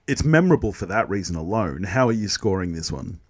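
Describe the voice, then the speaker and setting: Australian man, lively casual podcast host. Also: sits low, fairly quick, no echo, studio quality. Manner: jokey, laughs often, runs a quiz round. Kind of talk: casual chat.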